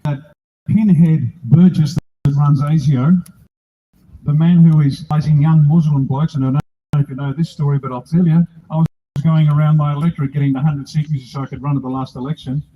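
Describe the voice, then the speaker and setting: A man's voice: fairly high pitch, fairly even intonation, brisk, muffled recording. An older man with an Australian accent, giving a blunt, rousing, joking speech at an outdoor rally. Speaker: political speaker at a rally.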